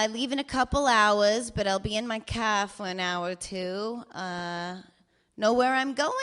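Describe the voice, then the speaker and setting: A woman's voice: fairly high pitch, a bit bright. A woman voicing her older father reading his voicemails, swearing freely and joking with wry affection. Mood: affectionate rambling. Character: older father, cheerful, profane, doting. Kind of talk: reading voicemails aloud in character.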